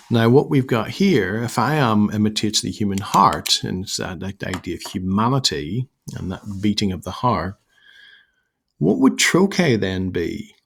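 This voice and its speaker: Man, croaky gravelly voice, lowish pitch, teacher explaining a lesson, lots of restarts. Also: a bit bright. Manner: explanatory, with many fillers and restarts. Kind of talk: recorded literature lesson.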